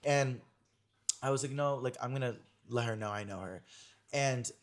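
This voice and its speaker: A man's voice: mid-range voice, moderate pace. A young man hosting a podcast in casual chat, rambling and packing his speech with fillers and online slang. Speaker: podcast host.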